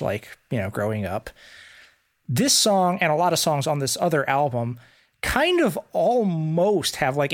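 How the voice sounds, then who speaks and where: A man co-hosting a music podcast, talking casually and enthusiastically, with lots of "like" fillers. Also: a little high. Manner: enthusiastic, rambling with many "like" fillers. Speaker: podcast co-host. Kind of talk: casual music review chat.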